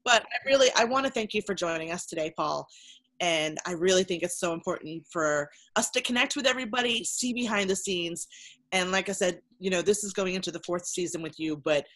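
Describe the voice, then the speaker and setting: A woman's voice: on the low side, a little fast, fairly bright tone. A woman hosting a casual interview, speaking earnestly and with appreciation to her guest. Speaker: show host.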